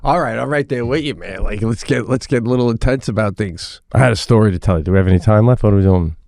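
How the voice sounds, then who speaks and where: A middle-aged man co-hosting a podcast, telling a story in a casual, animated way and acting out the voices of the people in it. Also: lowish voice, fast, vocal fry, dry recording, studio quality. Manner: animated, acts out quoted voices. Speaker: podcast co-host.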